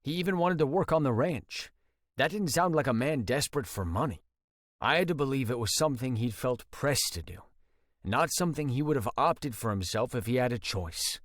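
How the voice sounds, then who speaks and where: A man narrating a first-person romance audiobook in an expressive, dramatic storytelling manner. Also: mid-range voice, moderate pace, dry recording, clean studio sound.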